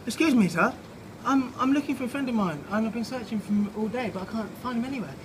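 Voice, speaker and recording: Brief: man playing an anxious, lovesick lady caterpillar, soft and polite, loud background noise. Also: very high voice, fast talker, voice pushed up. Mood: timid. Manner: timid and polite. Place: outside a pub.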